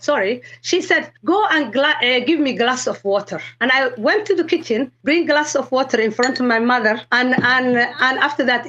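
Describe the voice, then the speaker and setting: High-voiced excited woman from Somalia. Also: muffled recording. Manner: animated, excited storytelling with quoted dialogue. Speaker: guest sharing a conversion testimony. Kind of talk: emotional personal testimony.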